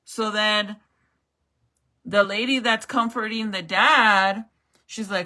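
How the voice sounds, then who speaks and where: A woman's voice: mid-range voice, measured pace, bright, forceful tone. A woman vlogger recounting a story in casual, emotional chat, swearing freely and saying "like" and "bro" a lot. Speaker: makeup vlogger.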